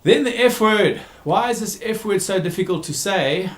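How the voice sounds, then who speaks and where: A man's voice: high-pitched, lively intonation, moderate pace. Man, therapist, talk on conflict, emphatic, repeats key words, lots of ums, roomy echo. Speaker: therapist giving a talk series.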